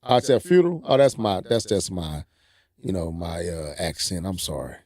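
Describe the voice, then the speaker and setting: A man's voice: sits low, expressive, moderate pace, darkish tone. A man co-hosting a casual gaming podcast, reading an article aloud and breaking off with playful asides. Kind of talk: casual gaming news chat.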